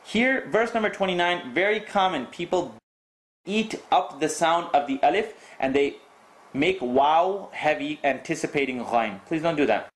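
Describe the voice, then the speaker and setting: A man teaching Quran recitation rules, reciting verses and repeating sounds slowly to correct students. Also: a little high, lively intonation, roomy sound. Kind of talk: tajweed lesson with recited demonstrations.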